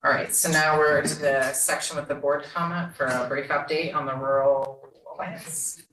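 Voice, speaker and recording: Woman board chair, very low voice, brisk and procedural, roomy hall sound. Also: fairly even intonation, fairly bright tone. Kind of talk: chairing a public meeting. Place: school board meeting room. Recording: roomy hall audio with faint hiss.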